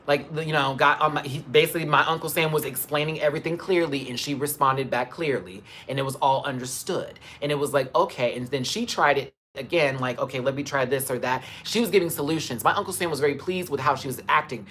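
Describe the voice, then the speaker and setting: A man's voice: fairly high pitch, fast talker, few pauses, bright, forceful tone, slight background noise. A man telling a story on a live stream into a phone camera, emphatic and swearing as he retells it in detail. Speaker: livestreamer.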